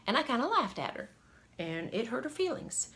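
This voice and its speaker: Bright lively woman, rambling funny story-time vlog, laughs a lot. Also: fairly high pitch, normal speed. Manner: rambling, self-mocking, laughs often. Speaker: vlogger telling personal stories.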